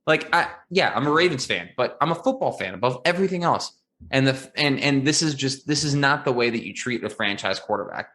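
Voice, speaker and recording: A man's voice: mid-range voice, animated, fairly quick, pushed and bright. A man co-hosting a casual sports podcast, talking earnestly and emphatically with frequent fillers. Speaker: podcast co-host, football fan.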